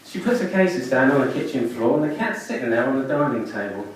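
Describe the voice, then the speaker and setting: A man works a comedy-club crowd, his voice leaping animatedly between highs and lows. He mixes lively storytelling with deadpan asides. The sound is very echoey and distant, with a faint hiss underneath. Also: quick pace. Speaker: stand-up comedian. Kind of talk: stand-up comedy set.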